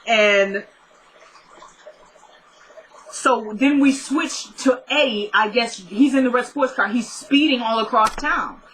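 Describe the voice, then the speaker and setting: A young woman recapping a TV episode in a casual vlog, chatty and excitable, rambling with lots of "like"s. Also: on the high side, slow pace, long pauses, a little hiss or hum. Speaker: TV show reviewer.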